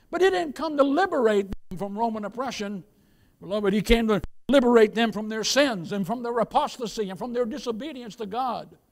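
A male pastor delivers a sermon, addressing his listeners as "beloved." His voice sits high, and he swings between loud emphasis and hushed asides.

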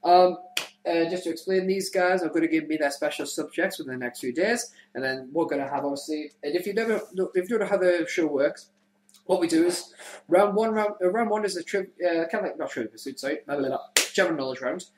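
A man's voice: fairly high pitch, quick pace, reverberant, low-quality recording. A man hosting a casual comedy podcast, rambling and correcting himself as he explains the show. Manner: rambling, giggly, self-correcting. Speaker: podcast host.

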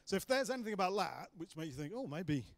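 A man's voice: high-pitched, big pitch swings, racing, vocal fry. A man giving a guest sermon in a church hall, chatty and joking with asides. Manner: jokey and chatty, self-deprecating asides. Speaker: guest preacher.

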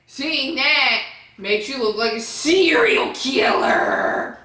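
A woman reads viewer comments in a slow, drawn-out way, then fires back with swearing and shouted insults. The room is roomy and echoey, and she sits well back from the microphone. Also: high-pitched. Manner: profane, insulting, yells at commenters. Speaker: vlogger reading viewer comments. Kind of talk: angry comment-reading rant. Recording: roomy echo, distant from the mic.

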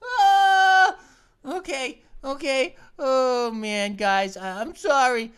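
A woman voicing an excitable cartoon grape who hosts a gaming channel, talking to herself in a jumpy, silly way and repeating phrases. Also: high-pitched, very slow, clean tone. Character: excitable cartoon grape playing video games. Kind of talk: cartoon let's-play commentary.

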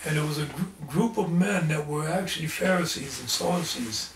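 A man's voice: on the high side, normal speed, a little hiss or hum. A man and lay preacher telling his experiences in an interview, earnest and fervent. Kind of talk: storytelling in an interview. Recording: echoey room, distant mic, faint ambience.

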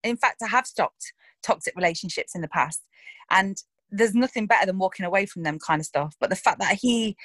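A woman's voice: mid-range voice, dry recording. Chatty woman, dry close sound. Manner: chatty and frank, laughs often. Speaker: actress interviewed about her roles. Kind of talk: casual interview chat.

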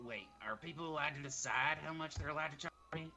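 A man playing an inmate in an online role-play game, quick and pleading in a playful way. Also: on the high side, a crowd in the background.

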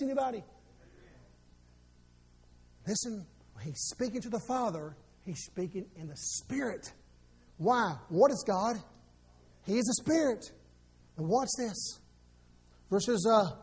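A male pastor preaching a sermon, with sudden loud swells and quick asides. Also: extremely high pitch, slightly rough.

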